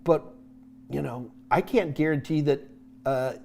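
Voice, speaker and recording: A man's voice: on the high side, fairly even intonation, measured pace, gravelly, darkish tone, slight background noise. A man hosting a live stream, answering viewer tech questions in a jokey, rambling way with many restarts.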